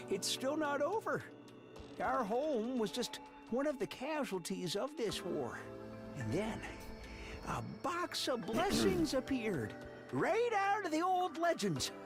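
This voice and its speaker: A man's voice: very high-pitched, very animated, slow, music in the background, exaggerated voice. A man voicing a weary old man telling a war story, slipping into laughter as he reads. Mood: storytelling. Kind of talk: game dialogue read-aloud.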